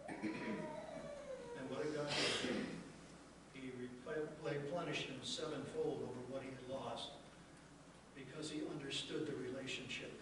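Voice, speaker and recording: A man's voice: medium pitch, huge pitch swings, measured pace, pauses often. Preacher man in an echoey church. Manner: preaching with rhetorical questions and dramatized quotes. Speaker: pastor. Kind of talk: sermon. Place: church sanctuary. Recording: echoey church from a distance with noise.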